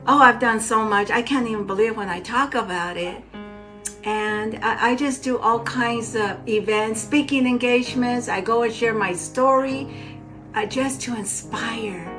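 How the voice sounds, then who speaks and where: A woman's voice: on the high side, unhurried, music in the background. Older woman telling her life story. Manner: earnest, heartfelt storytelling. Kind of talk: personal testimony.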